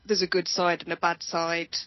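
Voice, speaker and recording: A woman's voice: on the low side, completely flat delivery, moderate pace, no echo. A woman co-hosting a casual movie chat, chatty and giggly, stumbling over foreign names. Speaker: podcast co-host. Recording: dull lo-fi, dry sound.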